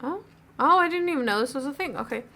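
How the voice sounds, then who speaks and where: A woman's voice: high voice, lively intonation, fast talker, pushed and bright. A woman gaming streamer reading a visual novel aloud in a playful, amused way.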